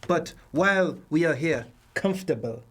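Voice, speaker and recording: A man's voice: a little high, expressive, moderate pace, fairly bright tone, slightly rough. A man in a tabletop role-play speaking in character, stiff and formal with a cool, detached manner. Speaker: player.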